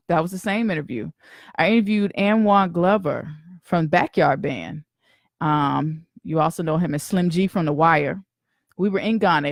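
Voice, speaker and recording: A woman's voice: low-pitched, gravelly, no room sound, clean studio sound. Chatty woman podcast host. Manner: chatty, greets viewers by name, slangy. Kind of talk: casual live-stream chat.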